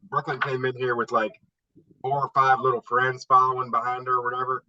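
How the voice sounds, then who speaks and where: A man in his garage on a video call, telling a profane, animated story in a casual chat. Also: medium pitch, brisk, lo-fi sound, a little hiss or hum. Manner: animated, profane yarn-spinner. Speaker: meeting regular telling a story. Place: home garage.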